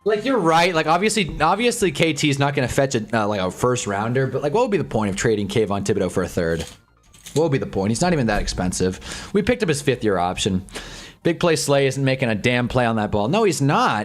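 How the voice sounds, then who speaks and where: Animated young man ranting about football. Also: fast talker, soft background music. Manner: swings from loud ranting to low mumbling, swears often. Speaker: sports streamer. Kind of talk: casual livestream chat reading fan comments.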